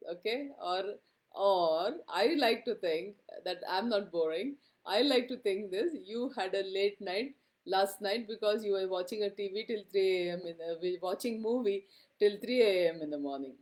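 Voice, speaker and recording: A middle-aged woman teaching a class. She talks in a loose, conversational way, filling pauses with "uh" and "um" and often checking in with her students with a quick "okay?". Her voice sits in an ordinary middle range. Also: mid-range voice, darkish tone. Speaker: lecturer. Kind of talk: classroom lecture.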